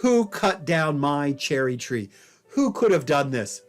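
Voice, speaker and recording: A man's voice: a little high, big pitch swings, unhurried. A man doing a proud old-time farm father. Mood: questioning. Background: faint jazz piano.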